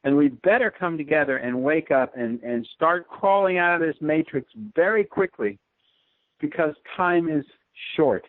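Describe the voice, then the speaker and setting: A man's voice: fairly high pitch, a little slow, no echo. A man hosting a radio show, talking in an earnest, emphatic way with a lot of repetition. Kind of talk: casual radio interview talk. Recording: dry tinny phone-line sound.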